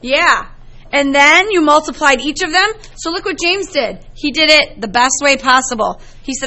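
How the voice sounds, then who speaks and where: A woman's voice: sits high, expressive, moderate pace, sharp tone. A middle-aged woman teaching a math class, explaining in a chatty, storytelling way to her students in a classroom.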